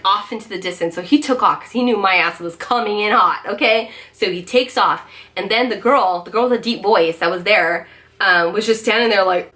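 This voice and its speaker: A woman in her thirties tells a personal story straight to camera in a casual vlog. Her delivery is animated and emphatic, full of fillers and the odd curse. Her voice sits at a middle pitch. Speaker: vlogger.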